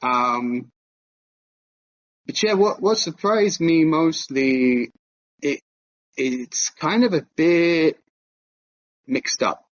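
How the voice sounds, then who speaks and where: A man on a film podcast, chatting casually and thinking out loud with fillers and restarts. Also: on the high side, lively intonation, very slow, pauses often, dry recording, highs cut off. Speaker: podcast co-host.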